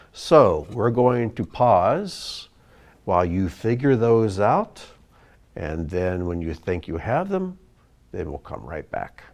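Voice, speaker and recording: Slow, patient male Hebrew tutor. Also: lowish voice. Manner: slow, patient explaining with lively ups and downs. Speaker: Hebrew teacher. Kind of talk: video lesson.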